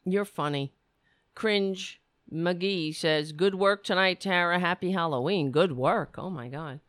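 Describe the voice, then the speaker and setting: A woman hosts her live-stream show in loose, rambling chat, ranting one moment and thinking aloud the next. She talks slowly in a somewhat low voice that is starting to go hoarse. The sound is dry and close to the mic. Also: a bit bright, no room sound. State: losing her voice.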